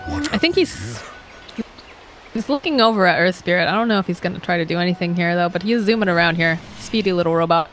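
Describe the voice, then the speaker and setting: A woman casting a live esports match, chatty and quick to laugh, acting out what the players might be thinking. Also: fairly low pitch, lively intonation, slight background noise. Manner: chatty, laughs easily, acts out players' thoughts. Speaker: esports caster. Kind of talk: live play-by-play commentary.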